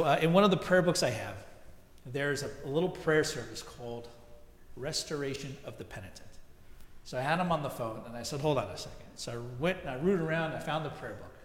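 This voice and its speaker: Male pastor, higher voice, chatty sermon, echoey sanctuary. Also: fairly bright tone. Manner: conversational storytelling with asides. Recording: echoey church hall.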